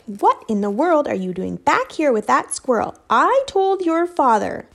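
A woman voicing a middle-aged mother in a storybook, sharp and scolding. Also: high voice, very animated, a little slow, gravelly, pitched above the performer's own voice, exaggerated voice.

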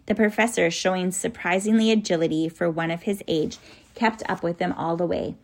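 A woman's voice: lowish voice, steady tone, brisk. Woman reading a storybook aloud.

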